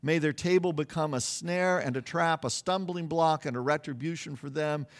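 A man preaching a sermon, telling a story in an animated way, acting out quoted voices, with frequent restarts and repeated words. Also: a little high, normal speed. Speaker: pastor.

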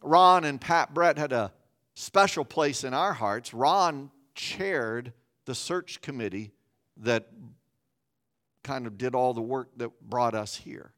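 A man's voice: mid-range voice, slow pace, fairly bright tone. A man preaching a sermon as a pastor, earnest, often repeating words as he builds his point.

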